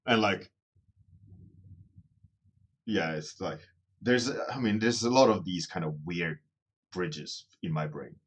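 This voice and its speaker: A man's voice: low-pitched, slow, pauses often. A man casually chatting with viewers during a livestream, rambling and self-deprecating, often restarting his phrases as he thinks aloud. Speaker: artist streaming a daily warmup.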